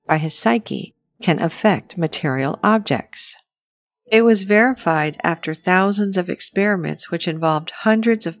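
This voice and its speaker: A woman reading a scripted documentary narration in an even, measured way. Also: lowish voice, vocal fry, dry recording.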